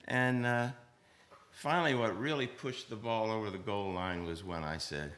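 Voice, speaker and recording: Older male drummer, panel guest; low, chatty, animated, mouths beats and hisses out percussion. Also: normal speed. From United States. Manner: animated, sings rhythms aloud, hisses percussion sounds. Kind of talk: anecdotal storytelling on a panel. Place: stage panel before an audience.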